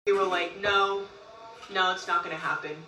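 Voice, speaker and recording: A woman telling a long story in casual talk, animated, often laughing and acting out what others said. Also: lowish voice, moderate pace, recorded from a distance, slight background noise. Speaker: group member recounting events. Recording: roomy, from off-mic.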